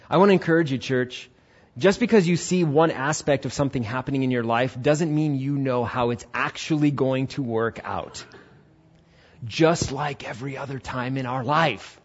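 A male pastor preaching a lively sermon and acting out quotes as he goes. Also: medium pitch. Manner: animated, acts out quotes. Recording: dull lo-fi recording.

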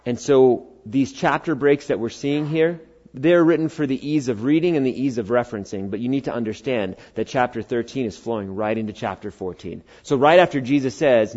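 A man's voice: medium pitch, fairly quick, a little mellow, highs cut off. A middle-aged man preaching a sermon in a church, talking conversationally, joking and bantering with the congregation and acting out quoted speakers in character voices. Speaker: pastor.

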